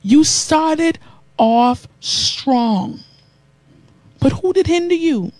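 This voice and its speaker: A woman radio host preaching to listeners in a lively, repetitive style, reading out their texted comments. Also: high voice, extremely slow, dry recording. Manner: animated preacherly delivery, repeating phrases, reading comments aloud. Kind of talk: preaching talk show with listener texts.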